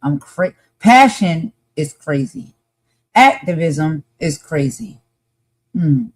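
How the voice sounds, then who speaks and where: A woman's voice: low-pitched, lively intonation, takes it slowly. A woman co-hosting a live podcast discussion, talking passionately and emphatically and repeating her points for force.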